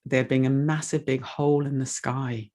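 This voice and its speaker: A woman's voice: extremely low pitch, steady tone, moderate pace, warm tone. A woman giving a heartfelt, rambling donation appeal in an online meditation session, emotional and close to tears. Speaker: speaker making a donation appeal.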